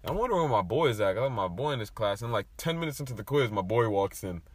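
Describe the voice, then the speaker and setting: A young man chatting casually, telling a profane, animated story with big bursts of laughter. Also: mid-range voice, rapid-fire, slightly rough, dry recording. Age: young adult.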